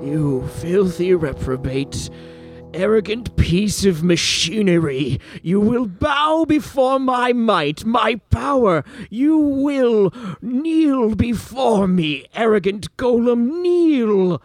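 A man's voice: a little high, animated, unhurried, darkish tone, husky, no room sound, soft background music, voice pushed up. A man voicing a scheming male necromancer lord in a mechanical body, speaking haughtily and theatrically. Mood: furious.

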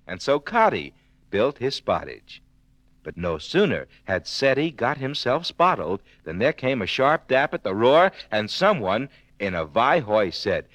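A man's voice: on the low side, unhurried, no room sound. Guy reading a silly tongue-twisted story, voice jumps around a lot, dry dull old record. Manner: lively, playful swapped-sound delivery. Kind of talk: comic storytelling in spoonerisms.

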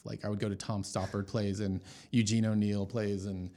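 A man's voice: fairly low pitch, fairly even intonation, a little fast, few pauses, a little mellow. A man giving an emotional personal testimony as an interview guest, talking in a storytelling way with many fillers and restarts.

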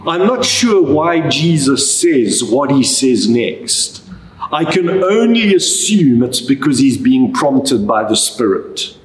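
A man preaching a sermon, reflective and deliberate as he explains a Bible passage. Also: mid-range voice, echoey room, low-quality recording. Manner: reflective, expressive, slow and deliberate.

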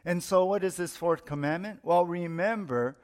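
A man's voice: high-pitched, normal speed. A middle-aged man, a pastor, preaching a sermon in an explanatory teaching manner, repeating his points for emphasis.

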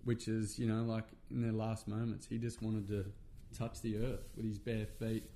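A man's voice: lowish voice, level tone, moderate pace, dark tone, slight background noise. Earnest Australian man telling a story. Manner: earnest, swears freely, many fillers. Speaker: podcast guest, men's workshop facilitator. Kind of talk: casual conversational storytelling.

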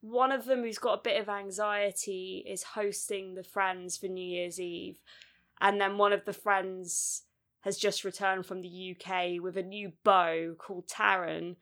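A woman's voice: medium pitch, little pitch movement, a little slow, a bit bright. A woman co-hosting a podcast, chatting bluntly and animatedly about films, with plenty of fillers. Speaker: podcast co-host. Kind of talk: casual film review chat.

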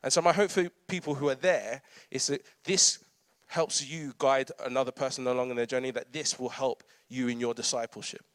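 A man's voice: mid-range voice, steady tone, a little fast, dry recording, studio quality. A man, preaching a conversational sermon with humorous asides and frequent laughter. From London. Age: 30s.

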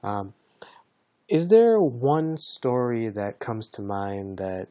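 A man's voice: lowish voice, lively intonation, takes it slowly, mellow, no echo, muffled recording. A man hosting a podcast, asking long rambling questions in a casual way. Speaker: podcast host. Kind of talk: casual interview chat.

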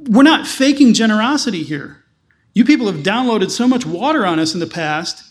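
A man's voice: high voice, big pitch swings, a little fast. A man, a pastor, preaching a sermon with emphatic, repeated phrases.

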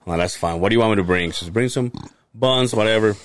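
He has a lowish voice and talks fast, with no room sound on the recording. The podcast co-host wanders through a long story in relaxed chat, full of swearing and many false starts.

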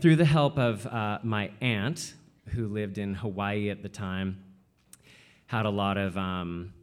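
A man from Washington state telling a personal story, animated and full of "like" fillers, often slipping into quoted voices. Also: fairly low pitch, clean tone. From Washington state, USA.

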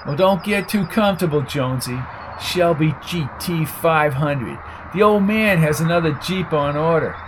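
Man putting on a loud brash tough guy. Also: a little high, expressive, normal speed, hardly any pauses, background noise, natural voice. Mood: taunting. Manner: yelling, insulting.

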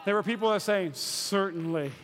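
A man preaching a sermon, energetic, swinging between shouts and hushed lines. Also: high-pitched, moderate pace. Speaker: pastor. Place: church hall. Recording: reverberant hall.

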